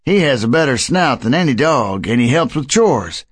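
A man doing a gentle, welcoming old grandpa. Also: medium pitch, very animated, normal speed, slightly rough, no room sound. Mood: kindly. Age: older. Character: kindly hospitable grandfather who keeps animals. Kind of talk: audiobook character voice.

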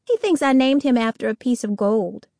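High-voiced woman narrating a kids' audiobook. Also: expressive, normal speed, darkish tone, dry recording, clean studio sound. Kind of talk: first-person children's audiobook narration.

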